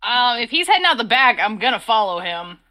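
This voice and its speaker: A woman's voice: on the high side, sing-song, brisk, sharp tone. A woman playing in a tabletop game, blunt and impatient in her talk. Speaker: player. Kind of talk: tabletop role-play.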